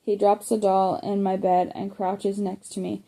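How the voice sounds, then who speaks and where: A woman's voice: mid-range voice, measured pace. Woman reading a spooky audiobook. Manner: plain, even reading with small slips and self-corrections. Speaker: audiobook reader. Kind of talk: first-person audiobook narration.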